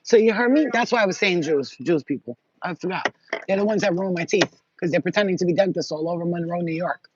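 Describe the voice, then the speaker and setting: A woman's voice: on the low side, fast, slightly rough. A woman vlogger talking in a blunt, profane, rambling casual monologue. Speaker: spiritual vlogger. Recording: dull lo-fi audio.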